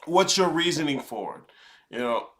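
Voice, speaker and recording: A man's voice: fairly high pitch, expressive, unhurried, fairly bright tone. A man hosting commentary, lecturing bluntly and swearing freely. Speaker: host. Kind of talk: commentary over a played podcast clip.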